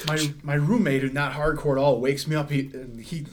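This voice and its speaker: A man's voice: on the high side, steady tone, brisk, crowd noise. A man chatting casually, dropping short, dry, wry remarks about old band days. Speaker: former band member, guest. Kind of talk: casual chat.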